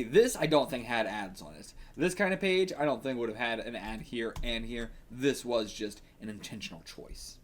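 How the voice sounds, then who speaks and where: Animated, laughing man reacting to comics. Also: mid-range voice. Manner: laughs often, swears, talks to himself. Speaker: reaction video host. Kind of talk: casual manga reaction commentary.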